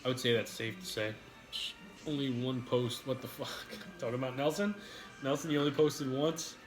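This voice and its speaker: A man's voice: medium pitch, moderate pace, music in the background, low-quality recording. Teasing man bantering over food. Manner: teasing banter, joking asides. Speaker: co-host. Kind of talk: casual chat while eating.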